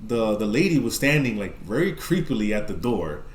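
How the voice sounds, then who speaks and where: The recording has a roomy sound, and the man's voice is fairly low and brisk. A podcast guest with a New York accent, he tells his story casually and animatedly, cursing often and leaning on lots of fillers.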